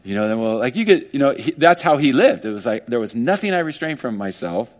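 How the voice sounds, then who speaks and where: A male pastor delivering a sermon in a relaxed, conversational way. He gets animated as he talks and slips into quick acted-out voices to make his points. His voice sits at an ordinary middle pitch.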